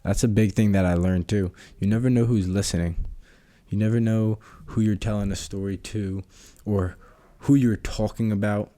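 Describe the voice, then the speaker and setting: A man's voice: fairly low pitch, steady tone, normal speed, warm tone. A young man hosting a casual solo podcast, rambling loosely with lots of slang and fillers. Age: young adult. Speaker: podcast host. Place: his own room.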